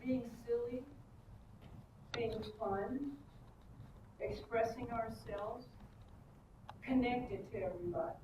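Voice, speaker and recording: At a convention panel, an older woman guest performs bawdy anecdotes for the audience, laughing heartily and acting out voices. She speaks slowly in a fairly high voice, with long pauses. The audio is distant and roomy, with crowd noise from the hall.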